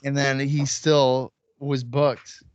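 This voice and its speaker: A man's voice: mid-range voice, little pitch movement, slow, smooth, no room sound, muffled recording. A man co-hosting a wrestling podcast in casual chat, blunt and jokey, swearing as he rants. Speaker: podcast co-host.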